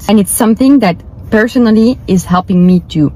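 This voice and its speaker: A woman's voice: medium pitch, brisk, dark tone, slight background noise, rough recording. A woman from France, talking earnestly and reflectively about her own life. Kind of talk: candid personal talk.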